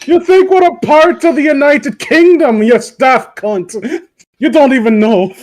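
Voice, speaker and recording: A man's voice: very high-pitched, unhurried, pitched above the performer's own voice. A man putting on a boastful, foul-mouthed Scottish man in a mock Scottish accent, brash and insulting. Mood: brash mockery.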